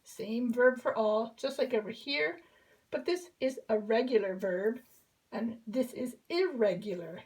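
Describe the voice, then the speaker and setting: Brief: female teacher, slightly high voice, unhurried, patient children's lesson tone. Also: darkish tone, rough recording. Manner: patient, repeats each verb form in drills. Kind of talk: slow classroom explanation.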